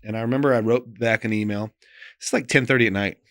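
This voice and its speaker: A man, a pastor, telling a personal story in an interview in an earnest, emotional way, often trailing off soft and quiet, with loose phrasing and many fillers. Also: medium pitch, steady tone, fast talker, dry recording, studio quality.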